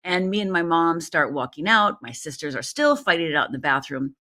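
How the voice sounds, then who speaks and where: A woman's voice: deep voice, big pitch swings, fairly quick, pushed and bright. A middle-aged woman from Upper Michigan, a life coach guest telling a personal story in a podcast interview, earnest and speaking straight to the host. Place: Los Angeles.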